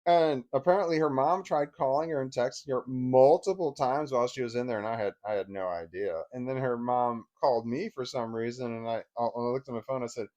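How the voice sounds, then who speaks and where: A man rambling through a personal story to the camera. He swears freely, laughs as he talks and often restarts his sentences, with a medium-pitched voice. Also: a little fast, few pauses, darkish tone. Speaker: divorced father telling a story.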